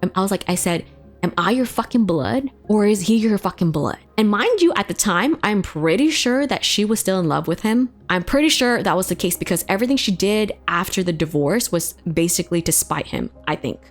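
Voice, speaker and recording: A woman's voice: medium pitch, lively intonation, brisk, hardly any pauses, soft background music. A woman vlogger telling a personal story in a casual, emotional way, full of fillers and swearing.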